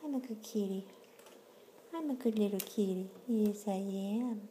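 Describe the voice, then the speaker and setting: A woman voicing a small, playful kitten in soft, cooing baby talk. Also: mid-range voice, a little slow, slight background noise, natural voice. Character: small sweet kitten, playful and good-natured.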